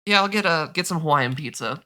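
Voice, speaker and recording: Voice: medium pitch, animated, brisk, bright, forceful tone. A player in a tabletop role-play, answering in character with playful jokes. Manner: jokey, playful.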